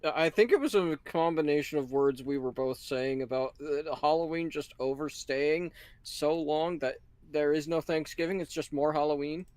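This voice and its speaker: A man's voice: a little high, normal speed, darkish tone, clear, resonant tone, no room sound. A man in a casual online group chat, laid-back and a little mumbly.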